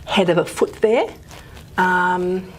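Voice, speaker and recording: Wearing a microphone, a woman gives a pre-recorded linguistics lecture in a fairly low voice at a slow pace, thinking aloud. She drops to a murmur while writing on the board, with slight background noise.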